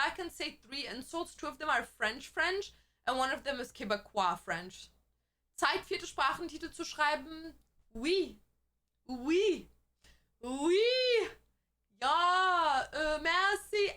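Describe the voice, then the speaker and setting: A woman's voice: high-pitched, pushed and bright. A young woman streamer in casual livestream chat, talking in a chatty, crude way with lots of "like" fillers.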